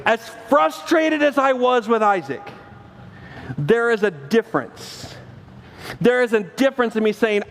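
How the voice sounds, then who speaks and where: A man in his forties preaching a sermon, telling a family story with animated acted-out dialogue and self-mocking laughter. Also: high voice, a little slow. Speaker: pastor. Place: church sanctuary. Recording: long reverb of a church hall.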